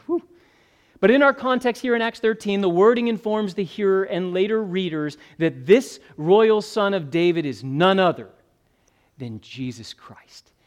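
A male pastor preaching an expository sermon, mixing conversational asides with rising emphasis. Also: on the high side.

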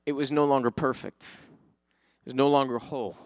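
A man's voice: medium pitch, steady tone, normal speed, dry recording. A man preaching a sermon who tells a family story, then builds to emphatic preaching. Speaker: pastor.

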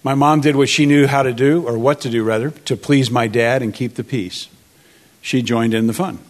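A man's voice: mid-range voice, steady tone. A man in his sixties, speaking earnestly and measuredly as he prays and tells his life story at a church marriage event. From United States. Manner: earnest, measured, with frequent uh fillers. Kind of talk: testimony and prayer.

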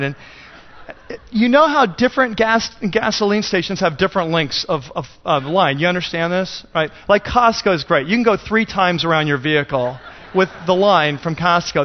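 A male pastor telling a self-deprecating story in a rambling, conversational sermon. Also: high voice. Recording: dull lo-fi sound.

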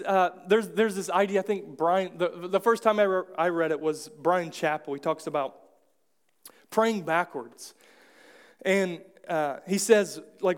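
A man with a fairly high voice preaches a sermon in a church. He talks in a relaxed, conversational way, dropping in quick asides and acting out little quotes. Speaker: pastor.

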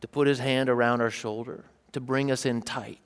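Casual storytelling pastor in a reverberant hall. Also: male voice, mid-range voice, steady tone, normal speed, clear, resonant tone. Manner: casual, storytelling with self-deprecating humor. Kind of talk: sermon.

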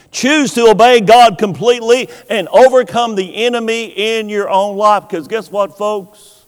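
A high-pitched man preaching in a slow, deliberate way. He asks rhetorical questions and leaves dramatic pauses, and his voice rings out with a long hall reverb behind it. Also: clean tone. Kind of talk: sermon.

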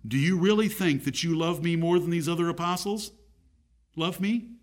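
A man's voice: a little high, normal speed. A man preaching a sermon, rising emphatically on key points.

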